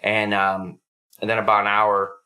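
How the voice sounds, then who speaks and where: Young guy on a podcast rattling off a story, swears a lot, low-ish bright voice. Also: monotone, normal speed. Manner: profane, loose storyteller. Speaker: podcast host. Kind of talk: casual storytelling.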